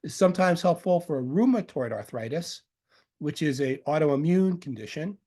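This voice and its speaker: A man's voice: on the high side, expressive, moderate pace, a little mellow. A man from Long Island with a faint Long Island accent, teaching about medicinal herbs in a loose, rambling way, joking and correcting himself as he goes. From Long Island, New York. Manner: rambling and jokey, with self-corrections and fillers. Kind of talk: informal lecture.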